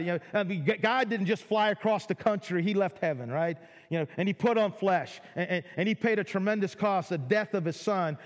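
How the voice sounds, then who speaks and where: Man, middle-aged pastor, high voice, excitable sermon, stumbling repeats, long hall echo. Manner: excitable, repeats words, acts out listeners' amazement.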